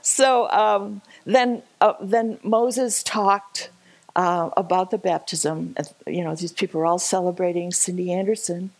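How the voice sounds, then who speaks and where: A woman telling a lively, chatty story to a church congregation over a slideshow, laughing often. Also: fairly low pitch, a little slow, poor audio. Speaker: church speaker sharing a trip slideshow. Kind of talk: casual storytelling talk. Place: church service.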